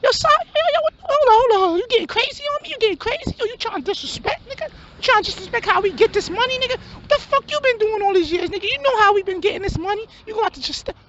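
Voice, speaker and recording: A man voicing a loud, scornful male street hustler in a comedy skit, brash and yelling. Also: extremely high pitch, animated, very fast, few pauses. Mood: scornful, angry. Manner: brash, yelling, swearing constantly. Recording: dull lo-fi, faint hum.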